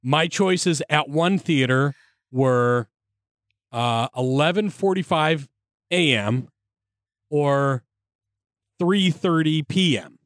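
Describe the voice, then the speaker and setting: Slightly high-voiced, teasing man. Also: takes it slowly, pauses often, dry recording. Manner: dry, teasing sarcasm. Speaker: podcast guest. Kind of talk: casual chat.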